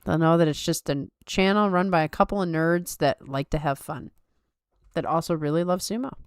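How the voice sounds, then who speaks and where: A woman's voice: low-pitched, normal speed, clear, resonant tone, no room sound, studio quality. A woman hosting a casual live-stream chat, upbeat and chatty, reading comments aloud, tired late at night. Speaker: podcast host.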